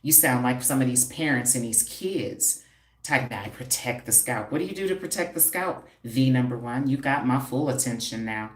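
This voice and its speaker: Responding to viewer comments on her live stream, a woman who works as a holistic hair and scalp practitioner speaks at a moderate pace in a deep-pitched voice. The audio carries a roomy echo, and her chat is sassy, streetwise, and confrontational, peppered with rhetorical questions.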